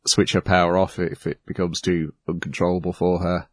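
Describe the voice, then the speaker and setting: A man with a fairly low voice leads a podcast chat, recapping plot points and moving the show along. The sound is dry and close. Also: flat delivery, a little fast, dry recording. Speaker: podcast host. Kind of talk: casual anime review chat.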